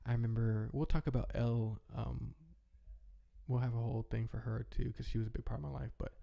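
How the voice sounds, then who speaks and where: A man's voice: mid-range voice, flat delivery, brisk, creaky, lo-fi sound. A young man talking in a rambling, heartfelt way, chatting casually as a podcast host. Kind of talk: casual reflective chat.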